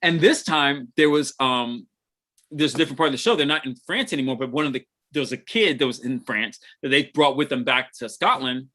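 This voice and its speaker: A man's voice: medium pitch, brisk, sharp tone. A man chatting casually on a livestream, rambling with many restarts and frequent laughs. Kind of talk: casual chat.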